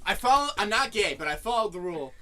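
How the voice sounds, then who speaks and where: A young man telling a funny story among friends, animated, swearing a lot and acting out what he said back then. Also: sits high, fast. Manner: animated, heavy swearing, acts out his own past lines. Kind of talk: casual comic storytelling.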